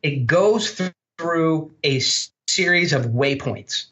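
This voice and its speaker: A man talking as a podcast guest, telling blunt, animated stories and swearing freely. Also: a little high, slow, dull audio. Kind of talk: storytelling interview talk.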